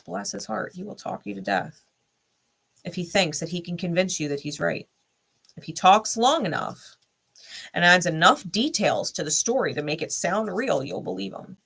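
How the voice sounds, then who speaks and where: A woman's voice: lowish voice, lively intonation, moderate pace, creaky, a bit bright, husky. A woman speaking bluntly in a candid vlog monologue, swearing often and repeating short heated lines straight to the listener. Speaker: tarot reader and channel host.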